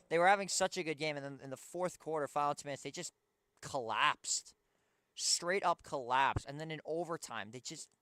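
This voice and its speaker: A man's voice: on the high side, fairly bright tone, smooth, no echo. Young male fan-host, tired and frustrated, clean resonant voice, dry room. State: tired, yawning. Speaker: sports show host. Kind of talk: pregame basketball commentary.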